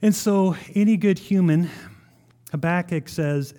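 A man preaching a sermon, reading scripture aloud and firing rhetorical questions at the congregation in an animated way. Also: fairly high pitch. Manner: reads scripture aloud with emphatic slowing. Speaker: pastor.

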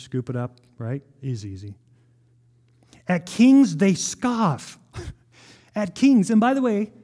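A man preaching a sermon, reading scripture aloud and firing rhetorical questions at the congregation in an animated way. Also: medium pitch. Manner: reads scripture aloud with emphatic slowing. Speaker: pastor.

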